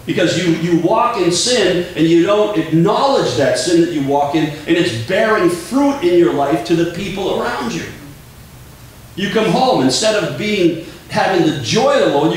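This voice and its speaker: A man's voice: high-pitched, lively intonation, normal speed. A man preaching a sermon as pastor, earnest and emphatic, often repeating words as he drives a point home. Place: church sanctuary. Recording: echoey church room, distant mic, faint hum.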